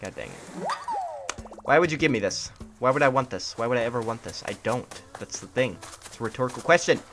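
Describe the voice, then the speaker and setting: A man's voice: mid-range voice, lively intonation, brisk, music in the background. A tired young man streaming a game, grumbling in sarcastic mock indifference. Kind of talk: casual live-stream gameplay commentary. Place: hot room at home. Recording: noisy home stream recording.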